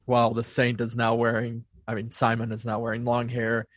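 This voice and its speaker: A man's voice: mid-range voice, completely flat delivery, brisk, dry recording, muffled recording. A man co-hosting a podcast, rambling through a film plot with self-corrections. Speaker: podcast co-host. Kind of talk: casual plot recap.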